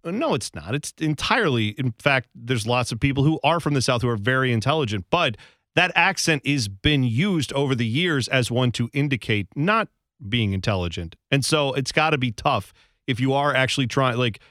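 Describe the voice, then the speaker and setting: Male radio co-host, bright tone, dry studio sound, animated jokey delivery. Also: mid-range voice, moderate pace, dry recording. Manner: joking, slips into mock accents. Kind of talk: casual sports radio banter. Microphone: studio microphone.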